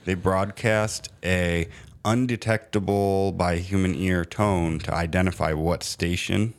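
A man's voice: sits low, steady tone, measured pace. A man in his thirties on a casual podcast, laid-back and rambling, explaining things at length. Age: 30s.

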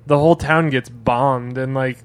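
Man in casual gaming talk, smooth resonant voice, blunt and dismissive. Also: medium pitch, steady tone, moderate pace.

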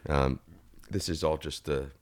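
A man in his fifties from the United States, a guest actor telling animated stories in a casual interview and swearing freely. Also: a bass voice, measured pace. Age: 50s.

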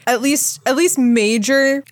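A woman's voice: high-pitched, dry recording. A woman comedian guesting on a movie podcast, teasing and laughing as she argues her points. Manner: teasing, laughing, quick to object.

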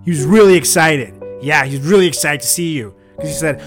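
A man hosting a comedy podcast, scolding and exasperated, with sudden shrill outbursts. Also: fairly quick, few pauses, a bit bright, soft background music. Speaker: podcast host. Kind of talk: mock interview comedy.

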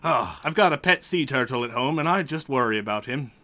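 A man's voice: medium pitch, animated, fairly quick, bright, forceful tone. A man voicing a friendly, rambling male sea elf held prisoner in a tabletop game.

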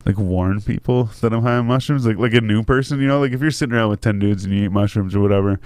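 A man's voice: lowish voice, fast talker, darkish tone, dry recording. A man telling a story in casual chat, laughing often and swearing freely.

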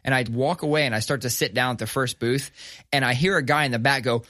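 A man, co-hosting a podcast, telling a story in casual chat, animated and profane, acting out the voices of people in his story. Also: medium pitch, fast talker. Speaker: podcast co-host.

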